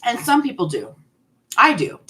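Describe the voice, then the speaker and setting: A woman's voice: on the high side, wildly swooping pitch, moderate pace, sharp tone. A woman in her forties hosting a live stream, chatting candidly and answering viewers' questions while snacking on candy. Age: 40s.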